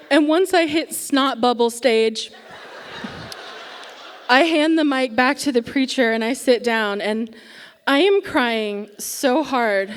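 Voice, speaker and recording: Slow-paced wry woman storyteller on stage. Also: a little high, a little hiss or hum. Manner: wry, self-mocking, dramatic pauses. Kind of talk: comic personal storytelling on stage. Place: theatre stage before a live audience. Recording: long theatre reverb.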